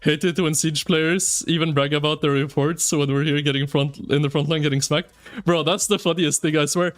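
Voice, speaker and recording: A man streaming live, chatting with his viewers in an excitable, slangy, ranting way. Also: on the high side, a little fast. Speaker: game streamer. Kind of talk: casual live-stream commentary.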